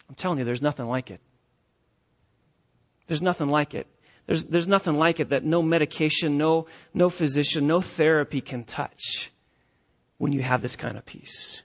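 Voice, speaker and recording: A man preaching a sermon, emphatic and repetitive, swinging between loud urging and quiet earnestness. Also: fairly high pitch, dull audio. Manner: emphatic, repetitive preaching with rising and falling intensity. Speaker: pastor.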